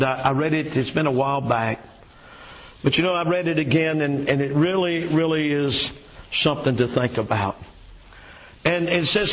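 A man preaching a sermon and reading a story aloud, folksy and unhurried, with many fillers and repeated words. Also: fairly high pitch, poor audio.

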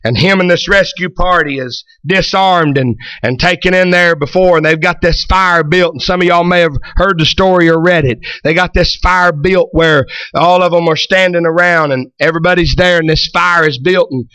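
High, bright-voiced preacher. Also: male voice, fairly even intonation, normal speed, hardly any pauses, smooth, no room sound. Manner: peppers lines with amen and hallelujah, rises to shouts. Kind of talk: fervent revival sermon.

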